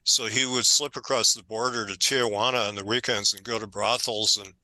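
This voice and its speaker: An older man, an author being interviewed, telling stories in a conversational, animated way and growing emphatic when indignant. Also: lowish voice, brisk, no room sound, low-quality recording. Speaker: author guest.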